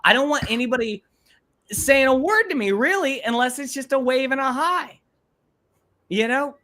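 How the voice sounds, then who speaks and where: A man from Ohio co-hosting a casual livestream, ranting with crude language and lively swings in pitch. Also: moderate pace. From Ohio, USA. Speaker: podcast co-host.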